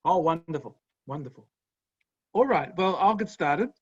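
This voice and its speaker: A man's voice: fairly high pitch, lively intonation, moderate pace, slightly rough, no echo. A man with an Australian accent giving an enthusiastic, friendly online university lecture, chuckling now and then. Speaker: guest lecturer. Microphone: video call. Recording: dry, slightly dull sound.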